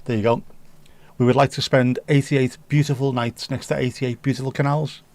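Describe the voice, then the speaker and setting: This Liverpool livestream host talks a little fast in a medium-pitched, slightly mellow voice with fairly even intonation and no echo. His Scouse accent carries a chatty, jokey manner as he reads out comments from his viewers.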